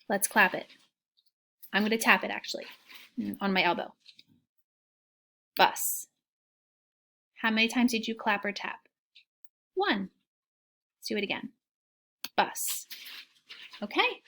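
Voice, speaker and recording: Teaching phonics to young children, this woman is slow, sing-song, and encouraging, slipping in gentle whispered asides. She has an animated voice on the high side.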